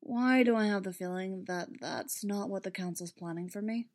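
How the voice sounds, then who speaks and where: A woman reading aloud, voicing a weary, bruised male prisoner who speaks dryly and flatly. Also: mid-range voice, moderate pace, lightly acted. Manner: dry and flat. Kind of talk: fan fiction read aloud.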